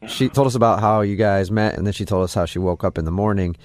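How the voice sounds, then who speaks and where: A man's voice: on the low side, fairly even intonation, quick pace, a little mellow, no room sound. A man co-hosting a morning radio show, joking and self-deprecating as he banters and places a call. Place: radio studio. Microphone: studio microphone.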